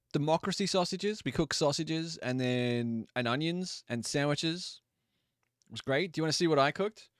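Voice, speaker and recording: A man hosting a live stream, chatting casually and easygoing with viewers, with quick asides and apologies. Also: on the high side, no echo, clean studio sound. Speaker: livestream host.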